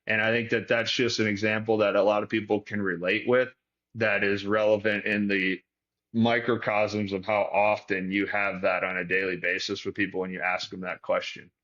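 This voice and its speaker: A man from Detroit muses philosophically as a podcast guest, his voice bright and forceful but held in a flat, even pitch. He thinks aloud in long, winding sentences, and the recording sounds a little dull and lo-fi. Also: normal speed. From Detroit, Michigan. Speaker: guest, performance coach. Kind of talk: reflective podcast conversation.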